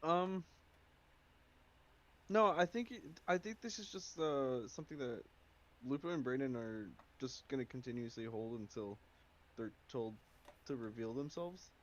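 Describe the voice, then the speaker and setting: A man's voice: mid-range voice, a little slow, pauses often, lo-fi sound. A man playing in a tabletop game, tentative and full of likes. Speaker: player.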